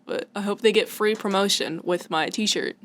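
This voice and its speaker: A woman's voice: medium pitch, normal speed, fairly bright tone. A woman from Washington state co-hosting a podcast in casual chat, chatty and giggly, with many fillers. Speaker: podcast co-host.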